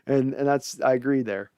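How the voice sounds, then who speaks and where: A man's voice: mid-range voice, dark tone, clean tone, dry recording, clean studio sound. A young man hosting a casual sports fan show, reading viewer comments and giving opinionated takes with frequent restarts.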